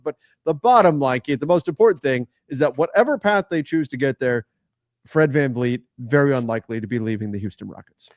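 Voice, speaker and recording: Man, sports co-host, mid-pitched voice, dry close sound, measured. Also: lively intonation, dry recording. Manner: measured, lays out points. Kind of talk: casual sports talk.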